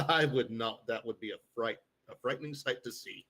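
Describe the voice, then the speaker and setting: A man's voice: medium pitch, moderate pace, bright, forceful tone. Easygoing man hosting a stream. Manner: easygoing, chuckling. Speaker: host. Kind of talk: casual live-stream banter.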